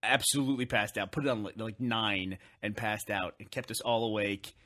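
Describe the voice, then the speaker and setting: A man's voice: lowish voice, fairly even intonation, moderate pace, bright, forceful tone. A young man co-hosting a podcast, telling a rowdy college story in casual chat, laughing often and swearing freely. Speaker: podcast co-host.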